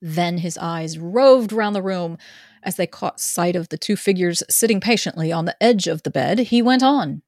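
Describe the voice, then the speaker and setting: A woman narrating a novel in a casual amateur group reading, expressive and playful. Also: on the low side, normal speed, no room sound, clean studio sound.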